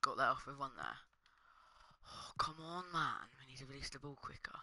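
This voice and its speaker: A man's voice: mid-range voice, a little fast, pushed and bright, slight background noise. A young man commenting casually on his own gameplay, swearing and muttering under his breath. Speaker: gaming streamer.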